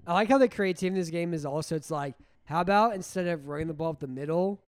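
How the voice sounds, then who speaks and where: A young man talking through an old football game with a friend, lively and full of anecdotes. His voice is fairly high and smooth. It is recorded close and dry, with no room sound. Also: quick pace, dry recording. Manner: animated, storytelling, laughs easily. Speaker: podcast co-host. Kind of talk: casual chat watching an old football game.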